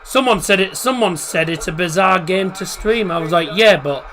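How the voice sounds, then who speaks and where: A man's voice: sits high, moderate pace, fairly bright tone. A man hosting a live football watchalong stream, chatting casually and rambling to his viewers as he comments on the match.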